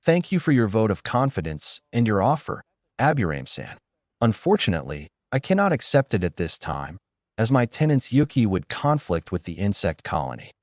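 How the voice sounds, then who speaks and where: Male narrator doing a cheeky, polite young ninja, a little higher than his own voice. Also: very animated, normal speed, a little mellow, no echo, clean studio sound. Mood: teasing. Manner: polite and mocking.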